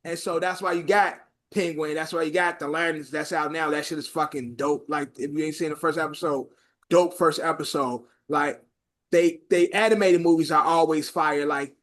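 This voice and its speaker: A man's voice: a little high, steady tone, normal speed, a bit bright. A man hosting a podcast in casual chat, loose and profane, often repeating his words. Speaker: podcast host.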